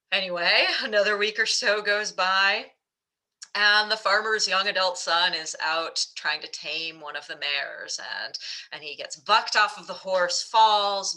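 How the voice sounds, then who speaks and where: A woman's voice: lowish voice, bright, forceful tone, rough recording. A woman coach presenting a webinar, telling a story in a chatty way with fillers. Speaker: mental fitness coach.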